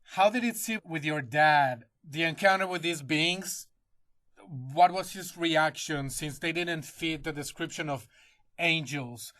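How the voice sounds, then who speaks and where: A man's voice: on the high side, unhurried, sharp tone. A man hosting a podcast and asking his guest short follow-up questions. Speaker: podcast host. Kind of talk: interview questions.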